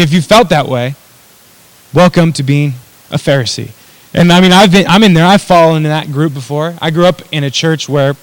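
A man preaching in a loose, conversational way, cracking jokes at his own expense and talking straight to the people in front of him. His voice sits a little high. The sound is close and dry, with no room echo. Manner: conversational, self-deprecating preaching with asides to the audience. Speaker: pastor. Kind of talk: sermon.

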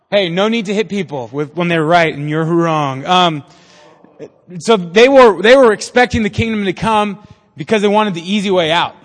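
A man's voice: high voice, lively intonation, moderate pace, big-room sound. A young man preaching a casual, jokey sermon to a youth group, chatting and quizzing his listeners as he goes.

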